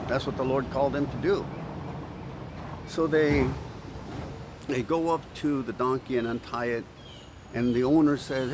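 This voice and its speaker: A male pastor preaching with animated storytelling, acting out quoted voices and restarting words often. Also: mid-range voice, unhurried, pauses often, very noisy. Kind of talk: sermon.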